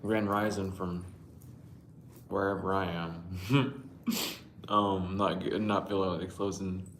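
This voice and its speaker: Livestream host, male, lowish voice, rambling and profane, greets viewers, echoey room. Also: level tone, slow pace, fairly bright tone, slight background noise. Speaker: livestream host reading dreams. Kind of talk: casual livestream dream storytelling. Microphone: Bluetooth mic.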